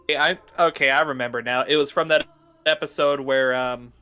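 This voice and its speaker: A chatty young man with a bright, clear tone, talking casually over a voice call. He rambles and circles back with plenty of fillers and restarts. Faint music plays underneath. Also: mid-range voice, steady tone, fairly quick. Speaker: podcast host ranking cartoon foods. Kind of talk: casual chat.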